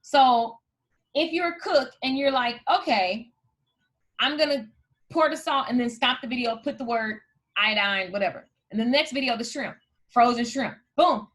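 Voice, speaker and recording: Woman host, bright voice, high-pitched, energetic tutorial. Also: moderate pace. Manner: energetic, hyped, addresses viewers as "you guys". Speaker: host and coach. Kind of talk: live video tutorial.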